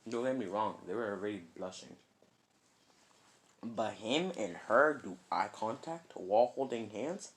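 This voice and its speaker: A man's voice: lowish voice, expressive, unhurried. A man casually telling a made-up fan story, rambling and filling it with "kinda" and "like".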